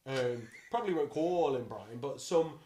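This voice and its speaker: This podcast guest is a dungeon master with a deep, bassy voice who talks in a relaxed, lively, playful manner, frequently breaking into brief character voices. There's slight background noise and an echo from the room.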